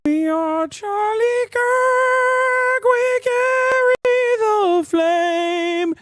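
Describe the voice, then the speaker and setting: A man giving a scripted news-style narration in a measured, even reading voice. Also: very high voice, no room sound, faint music behind.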